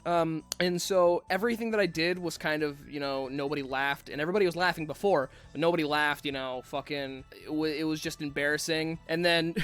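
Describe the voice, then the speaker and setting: A man's voice: on the high side, fast, a bit bright, clean tone, soft background music. A man in his twenties telling a rambling, sweary, self-mocking story about his school days. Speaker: vlogger. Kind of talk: casual storytime rant.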